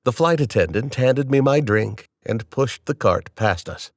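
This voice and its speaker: A man reading a novel aloud in the first person, in a measured, wry storytelling manner. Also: mid-range voice, animated, no room sound. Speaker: audiobook narrator. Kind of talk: scripted first-person narration.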